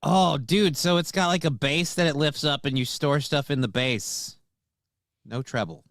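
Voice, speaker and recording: A man co-hosting a morning show, tossing crude jokes and quick interjections into casual banter. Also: fairly high pitch, fairly bright tone, no echo, studio quality.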